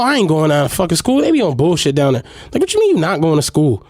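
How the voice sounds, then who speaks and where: Man, podcast co-host, casual storytelling, high voice, dry close mic. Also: quick pace, hardly any pauses, dry recording. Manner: animated, acts out voices in his stories.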